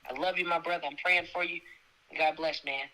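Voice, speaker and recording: A woman's voice: low voice, fairly even intonation, brisk, bright, forceful tone, rough recording. A woman giving an emphatic, preacher-like word of encouragement as a guest on a talk show. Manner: emphatic, repetitive, exhorting. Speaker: faith segment guest.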